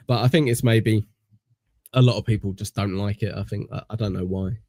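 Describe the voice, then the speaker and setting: A man's voice: on the low side, fairly even intonation, a little fast, dark tone, no room sound, clean studio sound. A British man from England hosting a podcast, rambling casually with lots of fillers and self-deprecating asides. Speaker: podcast host. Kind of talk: casual chat.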